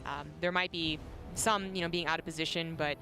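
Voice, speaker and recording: A woman's voice: low voice, fairly even intonation, a little fast. Playful Canadian woman casting esports. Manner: playful, laughs often. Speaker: esports co-caster. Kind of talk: color commentary. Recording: faint music behind.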